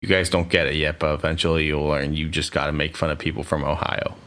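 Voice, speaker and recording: Brief: American man, low voice, casual teasing podcast co-host. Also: little pitch movement, fast talker, fairly bright tone. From United States. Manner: joking, teasing, rambling. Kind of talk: casual chat.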